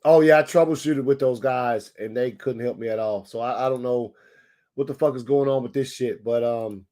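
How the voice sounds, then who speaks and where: A young man hosting a casual daily live stream, talking excitedly in slang and greeting viewers in the chat. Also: medium pitch, moderate pace.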